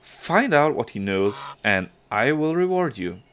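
A man's voice: medium pitch, big pitch swings, measured pace, a bit bright, voice pushed up. A man voicing a shrewd, fatherly village elder who talks persuasively.

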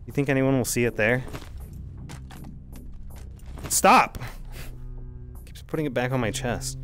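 A man streaming a game live, thinking out loud and talking straight to his chat as he plays. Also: medium pitch, fairly even intonation, fast talker, faint music behind. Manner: chatty, thinking aloud while playing. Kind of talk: live gameplay commentary to chat.

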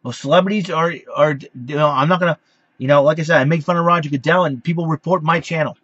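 A man with a high, husky voice rants into the camera in a stammering, repetitive way. The sound is dry and close, with a dull, lo-fi quality. He stays indignant throughout. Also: fairly even intonation, fast talker, fairly bright tone, no room sound. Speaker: YouTuber addressing his critics. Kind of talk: angry vlog rant.

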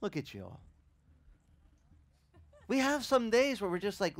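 A man's voice: high voice, unhurried, pauses often, no room sound. A pastor with a Hawaiian accent preaching a sermon, acting out voices and joking with his congregation. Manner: animated, acts out voices and asides to the congregation.

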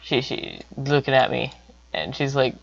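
A young man telling a casual story about himself in a rambling way, repeating words and breaking into sudden high exclamations. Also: unhurried, vocal fry, dry recording. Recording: dull lo-fi recording.

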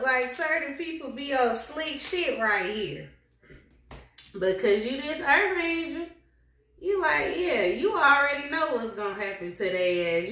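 A woman reads tarot in a casual, blunt, slangy style with frequent laughs. Her voice sits fairly high and is delivered slowly. The recording is roomy, with a faint hiss behind it. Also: fairly bright tone. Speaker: tarot reader. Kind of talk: casual tarot reading to viewers. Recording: echoey room with faint noise.

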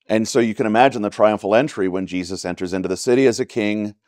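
A man's voice: on the low side, quick pace, darkish tone, no room sound, clean studio sound. A man with a Texan accent teaching a church Bible study in a conversational way, often checking in with "right?". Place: church classroom.

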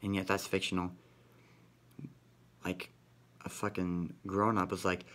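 A man's voice: sits low, level tone, normal speed, vocal fry. A man vlogging in a rambling, profane monologue, ending nearly every sentence with "man". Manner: rambling, repeats "man" constantly; profane, conspiratorial.

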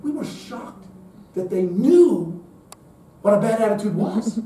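A man lectures emphatically to a gathered audience and drives his points home with rhetorical questions. His voice sits high for a man but has a mellow, dark tone. He is picked up from a distance in a very echoey room. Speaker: speaker at a public event. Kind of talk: lecture-style talk.

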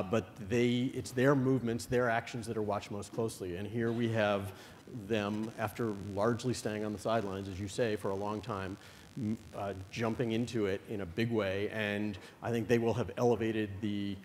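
A man moderating a conference panel as a journalist, halting and restarting his sentences as he thinks aloud. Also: on the low side, darkish tone. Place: conference hall. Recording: long hall reverb, faint noise.

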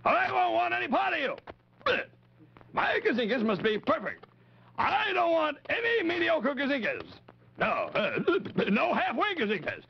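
Bombastic puppet chief voiced by a man, gravelly and shrill, dull vintage broadcast. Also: wildly swooping pitch, full character voice. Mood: demanding. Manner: pompous, bellowing, drawn-out. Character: pompous blustering male puppet chief. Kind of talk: 1950s children's TV puppet show. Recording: dull lo-fi 1950s TV audio.

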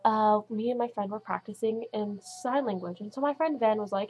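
A teenage girl chatting to camera at home in a casual vlog, talking fast and dramatizing what others said. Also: medium pitch, muffled recording, a little hiss or hum. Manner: chatty, dramatic, acts out quotes. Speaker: vlogger.

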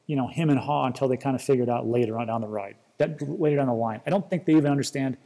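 A man's voice: medium pitch, very fast, warm tone, big-room sound. A man hosting a casual crypto commentary, rambling and restarting often as he reads quotes aloud. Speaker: crypto video host.

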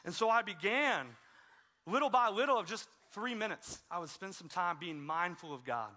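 A man's voice: high-pitched, lively intonation, moderate pace, sharp tone. A man preaching a conversational sermon as a pastor, telling stories in a casual way with self-deprecating humor. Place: church sanctuary.

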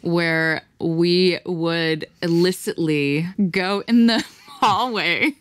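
A woman's voice: on the low side, drawn-out words, smooth, no echo. A woman in an intimate late-night podcast chat, candid and giggly.

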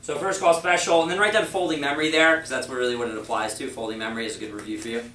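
A man's voice: medium pitch, racing, slight background noise. A man running a sales training session for a room of new reps, acting out short example dialogues as he teaches. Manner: energetic, uses acted example dialogues. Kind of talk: classroom sales training talk. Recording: echoey room, mic far off.

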